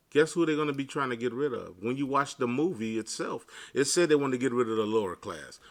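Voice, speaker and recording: A man preaching to his online audience in a loose, conversational way. He drops into slang between passages of scripture read aloud, and his voice rises from low murmurs to loud bursts. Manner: casual street talk mixed with scripture reading. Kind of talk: informal sermon to viewers.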